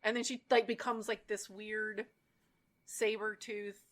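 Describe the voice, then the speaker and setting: A woman's voice: medium pitch, level tone, unhurried, fairly bright tone. A woman co-hosting a podcast, chatting casually about a movie, giggling often and swearing casually. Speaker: podcast co-host.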